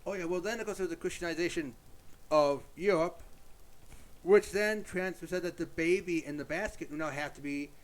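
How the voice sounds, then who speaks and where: High-voiced man rambling chattily. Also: moderate pace. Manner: rambling, chatty, many fillers and restarts. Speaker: YouTube creator. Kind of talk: casual storytelling monologue. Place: at home.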